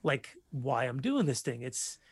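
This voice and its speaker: A man in his forties telling stories in a casual chat, animated and profane. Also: medium pitch, a little slow, gravelly, husky, no room sound, studio quality. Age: 40s.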